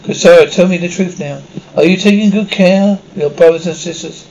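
Stern ghost dad come back from the afterlife to scold his kids, a guy just reading it out, slightly higher voice, muffled lo-fi sound. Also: a little fast, darkish tone. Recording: dull lo-fi with faint hiss.

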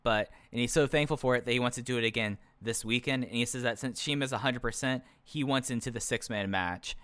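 Man, podcast co-host, bright crisp voice, chatty and opinionated. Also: medium pitch, brisk, no echo. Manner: chatty and opinionated, with frequent restarts and laughs. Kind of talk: casual chat reviewing a wrestling show.

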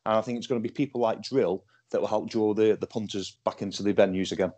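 A man hosting a relaxed podcast conversation, his voice a little husky. He tells stories animatedly, restarting phrases as he goes. The sound is a Skype call recording. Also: on the low side, quick pace. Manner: animated storytelling with repeated restarts. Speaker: podcast host and wrestling promoter. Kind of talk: casual podcast chat.

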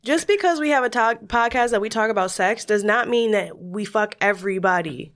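A woman's voice: medium pitch, brisk, slight background noise. Young woman, podcast co-host, blunt, profane, casual chat. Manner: blunt, profane storytelling with quoted dialogue.

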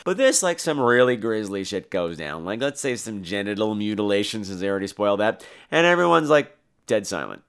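A man's voice: on the low side, animated, brisk, a bit bright, smooth. A man hosting a horror review podcast who talks in a casual, sarcastic way with crude humor. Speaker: podcast host and film reviewer.

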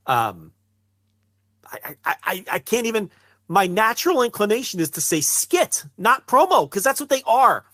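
A man's voice: high-pitched, sing-song, moderate pace, sharp tone, no room sound, studio quality. Blunt, exasperated man on a podcast. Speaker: podcast co-host. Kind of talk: casual wrestling podcast chat.

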